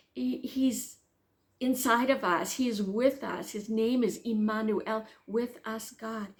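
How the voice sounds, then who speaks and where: A middle-aged Bible teacher with a voice on the high side tells a story from her own life, animatedly performing her inner thoughts. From there she moves into earnest, gentle encouragement.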